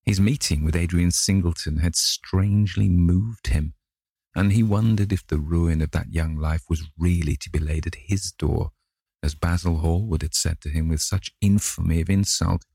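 Man, very low voice, dry close sound, measured audiobook narration. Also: steady tone, gravelly, slightly rough, no echo. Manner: measured reading, gently voices each character. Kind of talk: scripted narration of a classic novel.

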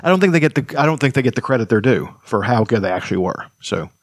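A man's voice: medium pitch, expressive, fast, dry recording, studio quality. A man casually reacting to film clips, laughing often, swearing and rambling loosely. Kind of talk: casual chat.

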